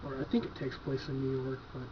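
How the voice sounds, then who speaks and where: Talking fast over a noisy background, a man with a mid-range, fairly flat voice reviews horror movies he owns. He's easygoing and enthusiastic, curses freely, and fills gaps with "like" and "you know." The recording is dull, lo-fi home video.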